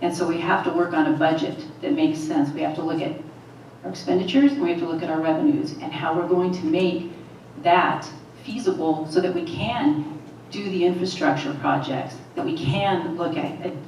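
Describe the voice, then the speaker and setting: A low-pitched woman candidate gives a measured forum answer, stacking repeated phrases for emphasis. Her voice sits well back from the microphone and rings through a large hall. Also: darkish tone, slight background noise. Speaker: political candidate. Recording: echoey hall, voice from far off.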